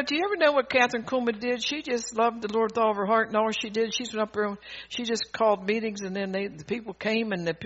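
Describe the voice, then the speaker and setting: A man preaching a sermon, fervent and rambling, who swings from soft asides to loud calls to the congregation. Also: high-pitched. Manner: rambling, with restarts and laughter. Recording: dull lo-fi recording.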